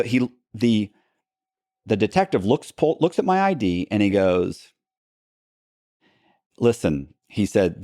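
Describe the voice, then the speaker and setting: A man recounting his past as a podcast guest, telling it with lots of quoted back-and-forth and quick restarts. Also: low voice, no echo. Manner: animated retelling with quoted dialogue and frequent restarts. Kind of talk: storytelling in a long-form interview.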